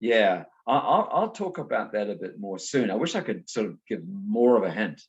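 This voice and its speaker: A middle-aged man from New Zealand chats as an interview guest, his low voice swinging widely as he tells stories. The sound is dull and lo-fi, like a remote call. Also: normal speed. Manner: animated storyteller, acts out voices in anecdotes. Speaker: guest author. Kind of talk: conversational interview.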